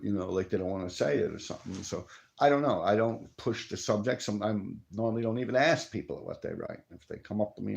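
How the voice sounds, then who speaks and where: A man's voice: lowish voice, brisk, vocal fry, darkish tone. A middle-aged man, telling profane street stories on a live stream. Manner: profane, streetwise, answers viewer chat. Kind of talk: casual rambling storytelling.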